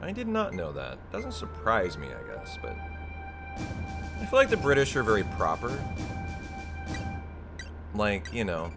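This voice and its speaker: A man's voice: fairly low pitch, wildly swooping pitch, measured pace, vocal fry, pauses often. A man chatting casually with his viewers while speedrunning a game live, rambling and laughing often. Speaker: speedrunner streamer. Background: game music.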